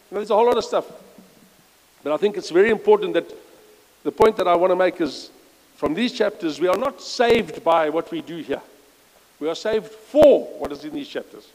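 A man's voice: high voice, darkish tone, in a large hall, low-quality recording. A man giving an informal church sermon, reading scripture aloud with emphasis and chatty, self-correcting asides. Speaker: lay preacher.

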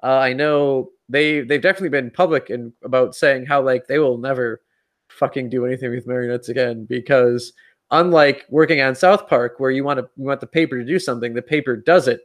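A man's voice: medium pitch, a little fast. A man co-hosting a casual podcast, rambling with lots of filler words and swearing. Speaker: podcast co-host. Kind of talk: casual chat.

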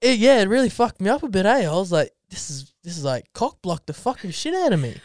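A man chats loosely on a podcast, swearing freely and breaking into laughter as he rambles. His voice is smooth and resonant, recorded dry and close with no room sound. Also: high-pitched, very animated, fast talker, no room sound. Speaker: podcast co-host. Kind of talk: casual chat.

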